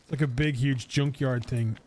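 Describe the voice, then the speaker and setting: A man chats through a casual game stream, rambling and joking with friends and his chat. His voice sits at an ordinary middle pitch. A faint noise runs under the recording. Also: steady tone, moderate pace, darkish tone.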